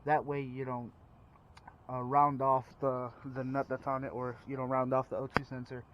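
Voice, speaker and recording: A man's voice: mid-range voice, flat delivery, moderate pace, highs cut off, background noise. A man talking casually through a car repair, rambling with fillers and restarts, recorded outdoors at night while working under the car. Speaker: DIY car repair vlogger. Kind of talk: casual how-to narration.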